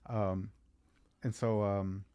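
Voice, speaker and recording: A man's voice: lowish voice, flat delivery, drawn-out words, warm tone, clean tone, dry recording. A man from California telling a long story in casual podcast chat, swearing freely and acting out both sides of the conversation.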